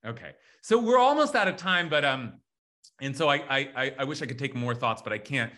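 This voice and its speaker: A man teaching a lively text study class, talking excitedly with frequent restarts. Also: mid-range voice, brisk.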